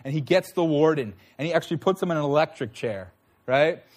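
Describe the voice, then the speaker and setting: A man's voice: fairly high pitch, expressive, a little fast. A man preaching a sermon in a conversational way, often checking in with his listeners. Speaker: pastor.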